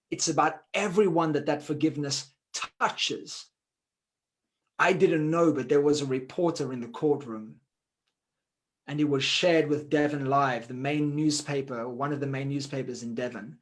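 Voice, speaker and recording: A man on a forum panel telling a heartfelt personal story, earnest and emotional, often talking quickly but slowing down to stress key words. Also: on the high side.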